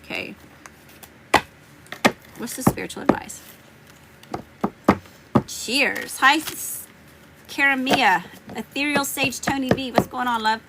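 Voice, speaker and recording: A woman's voice: high-pitched, slow pace, long pauses, heavy background noise. A woman with a Southern US accent giving live tarot readings, chatting and greeting viewers by name. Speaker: tarot reader.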